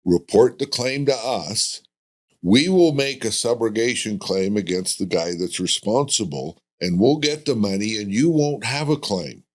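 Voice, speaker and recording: A man's voice: lowish voice, lively intonation, unhurried. A man hosting a podcast, talking casually and emphatically, with frequent rhetorical questions. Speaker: podcast host.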